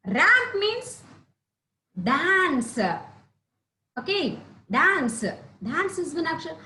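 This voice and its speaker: A woman teacher giving a slow, repetitive lesson to young children, often asking them questions. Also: sits high, bright, forceful tone, roomy sound, slight background noise, poor audio.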